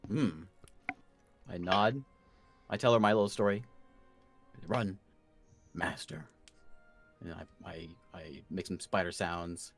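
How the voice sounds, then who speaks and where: A man's voice: low-pitched, a little slow, faint music behind. A man playing a tabletop game, describing his character's actions with hesitant restarts. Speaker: player.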